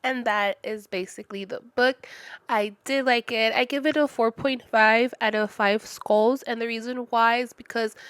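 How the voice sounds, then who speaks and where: A woman's voice: mid-range voice, clear, resonant tone, dry recording. Chatty woman reviewing a book. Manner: chatty, many "like" fillers, lively retelling. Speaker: book reviewer, channel host. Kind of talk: casual chat, book review.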